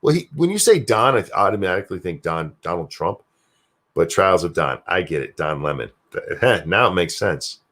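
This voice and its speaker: An older American grandfather hosts a live stream by himself, chatting casually, reading viewer messages aloud and swearing freely as he rambles. His voice sits low and is expressive and a bit bright, at a moderate pace.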